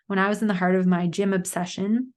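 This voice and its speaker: A woman's voice: mid-range voice, fairly even intonation, fast talker. A woman in her thirties hosting a solo podcast, telling a personal story in a chatty way with lots of fillers. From Canada. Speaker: podcast host. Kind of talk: casual solo podcast monologue.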